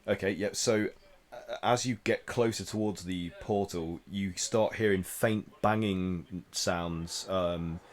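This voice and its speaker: Man, very low voice, game master, relaxed narration, many fillers. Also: slow. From United Kingdom.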